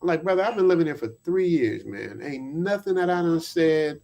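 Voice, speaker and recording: A man on a livestream, chatting casually with a slangy, animated manner and quick laughs. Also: on the high side, gravelly. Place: abroad, lives in Thailand.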